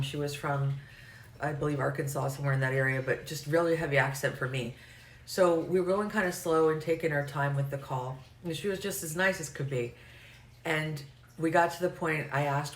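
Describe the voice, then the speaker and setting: A middle-aged woman with a Southern US accent telling a funny story in a joking, profane, conversational way. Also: deep voice. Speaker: vlogger and life coach. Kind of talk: comic storytelling. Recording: roomy, distant mic with faint noise.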